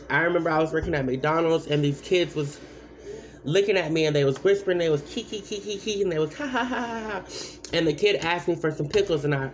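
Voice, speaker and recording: A woman giving blunt, rambling advice in a casual vlog, full of asides and repeated points. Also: deep voice. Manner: repeats points with many fillers.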